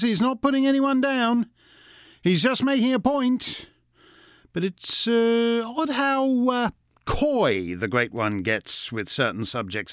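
Wry, lively-voiced male host. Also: mid-range voice, clean tone, no room sound, studio quality. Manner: sardonic, playful wordplay. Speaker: show host. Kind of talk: wry monologue.

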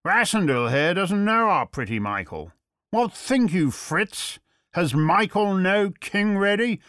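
Guy voicing a gruff old soldier in an audiobook, loud, bossy, lots of swearing, dry close sound. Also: high voice, very animated, slow, dry recording, pitched above the performer's own voice, full character voice. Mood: fierce. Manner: forceful, swearing, commanding. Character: gruff grizzled old male soldier, fierce and blunt. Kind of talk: audiobook character reading.

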